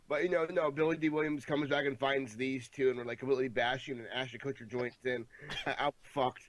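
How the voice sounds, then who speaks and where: Halting man steering podcast chat. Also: mid-range voice, level tone. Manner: halting, self-interrupting, tries to steer the topic. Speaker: podcast co-host. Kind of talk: casual podcast banter.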